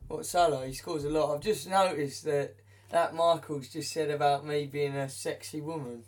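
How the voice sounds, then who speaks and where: A man's voice: fairly high pitch, fairly even intonation, normal speed. A young man, joining his brother on a live stream with cheeky, teasing banter and laughing as he talks. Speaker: co-host, host's brother.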